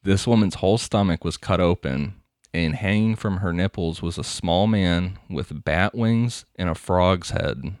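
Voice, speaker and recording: A man's voice: deep voice, unhurried, a little mellow, no echo, clean studio sound. A man hosting a podcast, telling a crime story in a casual, crude, laughing way. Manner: laughing, crude, conversational narration. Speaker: podcast host.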